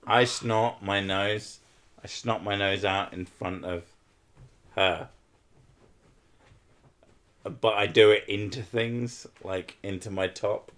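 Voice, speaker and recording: A man's voice: on the low side, fairly even intonation, takes it slowly, pauses often, a bit bright. A young man streaming late at night, drunk, teasing his partner with crude jokes and laughing at himself.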